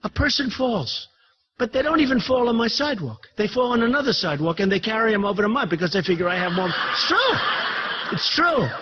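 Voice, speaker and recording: A man's voice: high voice, sing-song, brisk. A man in his sixties giving a rambling, boastful campaign speech to an audience in a hall, repeating himself and throwing asides to the crowd. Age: 60s. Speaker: political candidate addressing business leaders. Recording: dull lo-fi recording with faint noise.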